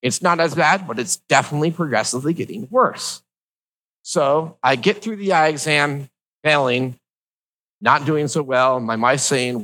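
A man's voice: on the high side, moderate pace, pushed and bright, rough recording. A man telling a personal story to his viewers in a casual, rambling way, with lots of fillers and wry asides.

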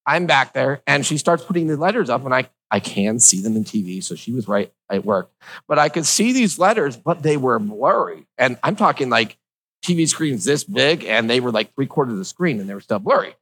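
A man's voice: mid-range voice, big pitch swings, a little fast, fairly bright tone, breathy edge, poor audio. A man telling a personal story to his viewers in a casual, rambling way, with lots of fillers and wry asides.

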